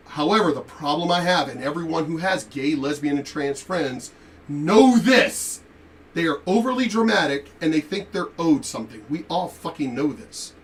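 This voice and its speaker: A man telling a story in a profane, animated rant while commenting on a reaction video. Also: a little high, moderate pace, far from the mic. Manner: animated, profane, laughing asides.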